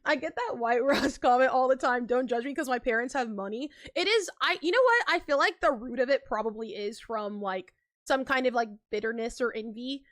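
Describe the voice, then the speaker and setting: A young woman chatting casually on a live stream, animated and slangy, laughing often between lines. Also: sits high, a little fast, dry recording, studio quality.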